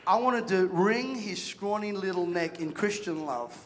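A man's voice: high voice, a little slow. A man preaching a sermon, telling stories and acting out the voices of people in them. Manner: animated storytelling, acts out voices, jokes with the crowd. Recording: long reverb of a large hall.

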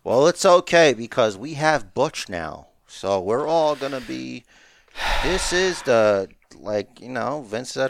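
A man's voice: mid-range voice, big pitch swings, slow pace, gravelly, a little hiss or hum. A man co-hosting a podcast, chatting casually with lots of restarts and jokes. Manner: rambling, joking, many restarts. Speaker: podcast co-host. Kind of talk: casual wrestling chat.

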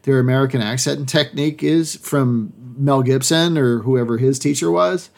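A man's voice: medium pitch, normal speed, vocal fry. A man from Massachusetts, an actor, talking bluntly in casual chat and swearing often. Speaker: actor, podcast co-host.

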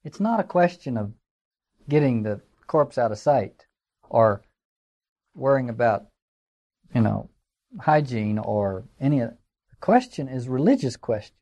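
A man's voice: mid-range voice, animated, measured pace, long pauses, warm tone. A man giving a classroom lecture in a conversational, digressive way, with fillers and wry asides. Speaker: teacher.

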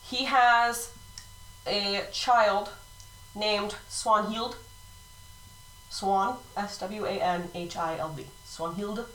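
A woman's voice: mid-range voice, steady tone, extremely slow, long pauses, a bit bright, a little hiss or hum. A woman co-hosting a casual true-crime podcast, giggling often and losing her place in her notes. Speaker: podcast co-host. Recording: roomy, distant mic.

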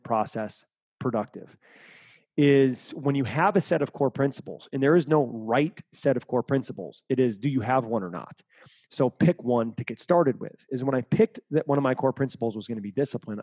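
A man's voice: mid-range voice, darkish tone, slightly rough, dry recording. A middle-aged man giving interview answers as a mental performance coach, speaking emphatically and repeating key phrases.

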